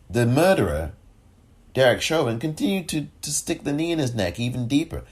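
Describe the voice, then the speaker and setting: A man giving impassioned political commentary, angry and sarcastic, often rising in pitch as he rants. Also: sing-song, moderate pace, a little mellow.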